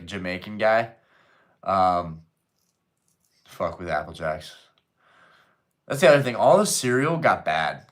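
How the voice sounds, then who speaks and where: A man's voice: fairly low pitch, a bit bright. A man hosting a casual live stream, reading viewer messages aloud and answering them in a loose, joking way with plenty of swearing. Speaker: livestream host reading chat. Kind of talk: casual livestream chat.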